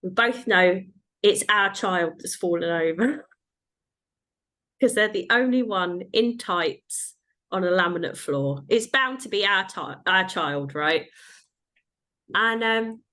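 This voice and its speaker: A woman's voice: medium pitch, lively intonation, slow, long pauses, sharp tone. A woman in her thirties hosting a podcast, chatting casually and laughing often as she tells family stories. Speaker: podcast host. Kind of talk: casual chat.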